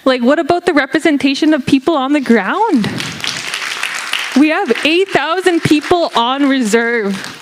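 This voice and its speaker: A woman's voice: high-pitched, animated, unhurried, crowd noise, noisy background. A young woman from Canada speaking up at a community band meeting, earnest and emotional, sometimes searching for her words. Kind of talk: impassioned public address.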